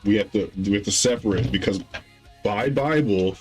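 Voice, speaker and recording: A man's voice: on the low side, normal speed, darkish tone, faint music behind, low-quality recording. A man in his thirties telling a rambling story in casual podcast chat, acting out other people's voices and laughing often. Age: 30s. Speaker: podcast co-host.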